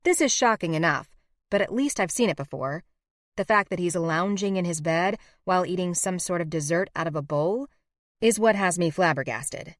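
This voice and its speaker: A woman reads a first-person romance audiobook in a fairly low, intimate voice. The narration is close and dry, with no room sound at all. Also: expressive, moderate pace, no room sound.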